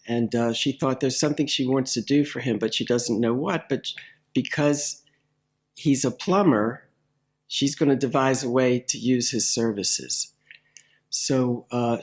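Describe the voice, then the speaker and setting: Guy telling a story, lots of uh and restarts, middle pitch, nothing fancy. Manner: halting, with many fillers and restarts. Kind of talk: casual spoken storytelling.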